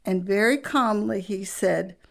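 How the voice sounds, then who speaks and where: A middle-aged woman speaks as a guest on a Christian talk program, recounting a memory from her marriage. She takes her time, drawing out each phrase in a slow, earnest way and letting a soft laugh slip in now and then. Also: mid-range voice, gravelly. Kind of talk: personal story on a Christian talk show.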